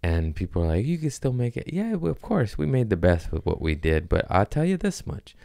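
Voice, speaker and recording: Man, comedy podcast host, casual profane rambling, deep, animated pitch. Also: fairly quick, vocal fry, no room sound.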